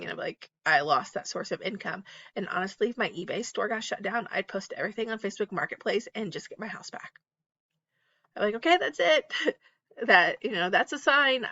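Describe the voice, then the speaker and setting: A middle-aged woman talking casually about reselling online while she lists items, candid and quick to laugh at herself. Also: mid-range voice, pushed and bright, no room sound, muffled recording. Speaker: eBay reseller and YouTuber. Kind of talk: casual list-with-me chat. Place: home, at night. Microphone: close, off camera.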